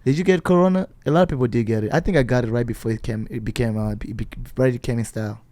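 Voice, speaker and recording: A man's voice: mid-range voice, racing, a little mellow, no room sound. A man with an African accent hosting a casual podcast, talking in loose, self-correcting bursts and laughing often. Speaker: podcast host.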